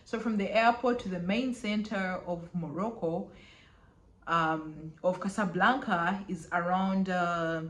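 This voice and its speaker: A young woman chatting casually through a travel vlog, full of fillers and quick laughs. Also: fairly low pitch. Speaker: travel vlogger. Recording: echoey room.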